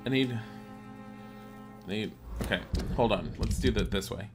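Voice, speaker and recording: A man's voice: fairly low pitch, normal speed, long pauses. A man chatting sarcastically through a video game, talking to his chat as he plays. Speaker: streamer. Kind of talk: casual gameplay commentary. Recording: game music behind voice.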